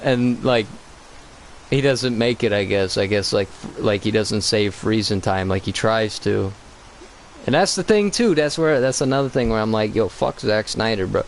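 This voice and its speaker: A man's voice: on the low side, moderate pace, slight background noise, low-quality recording. Profane rambling man, gaming chat. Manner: profane, ranting, loose and rambling. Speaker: gaming channel co-host. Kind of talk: casual gaming commentary.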